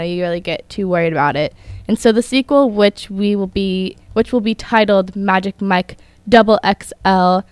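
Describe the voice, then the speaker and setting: A woman's voice: mid-range voice, a little mellow, smooth, dry recording. A young woman hosting an entertainment news radio show, reading stories with chatty asides of her own. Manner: chatty, reads from notes with asides. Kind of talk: scripted entertainment news talk.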